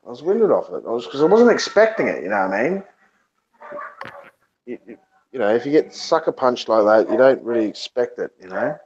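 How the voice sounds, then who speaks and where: A man's voice: mid-range voice, fairly quick, highs cut off, slight background noise. A man hosting a live show, telling stories in loose, profane casual chat. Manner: profane storytelling, animated.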